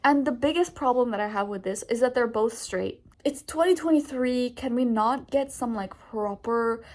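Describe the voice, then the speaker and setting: A young adult woman vlogging in a casual, chatty way, ranting and getting excited, with lots of fillers. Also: fairly high pitch, moderate pace. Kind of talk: casual vlog chat.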